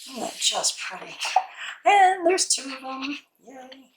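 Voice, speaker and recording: A woman's voice: high-pitched, sing-song, slow, very noisy. A woman unboxing a scrapbook kit in casual vlog commentary, gushing and cooing over each item, her voice a little worn as if she is losing it.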